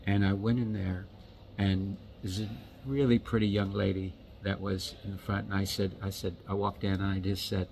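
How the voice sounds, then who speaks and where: A man from the United States, telling a story in a rambling, halting way and often repeating his words. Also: deep voice, flat delivery, creaky, darkish tone, slight background noise, rough recording. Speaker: watch vlogger. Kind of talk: casual storytelling.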